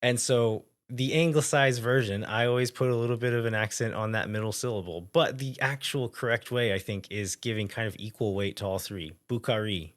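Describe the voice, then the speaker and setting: A man co-hosting a casual soccer podcast, easygoing and thinking out loud with loose asides. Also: mid-range voice, brisk, hardly any pauses. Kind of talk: casual chat.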